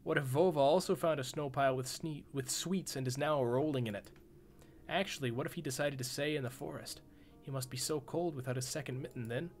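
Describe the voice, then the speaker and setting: A man's voice: medium pitch, a little fast, soft background music, close to an everyday voice. A man voicing a sly, teasing fox-masked girl in a horror visual novel, with a plain, playful, mocking delivery.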